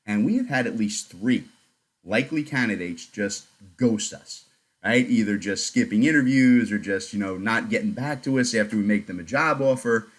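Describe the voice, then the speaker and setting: Man, podcast host, low voice, casual, teasing, outspoken. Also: normal speed. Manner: joking, blunt and chatty.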